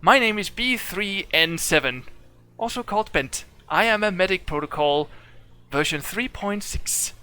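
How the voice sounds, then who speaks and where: A man's voice: high voice, animated, a little slow, bright, forceful tone, clear, resonant tone, pitched above the performer's own voice, heavily acted. A man voicing a cheerful, literal-minded male robot medic that talks in stiff, formal phrases.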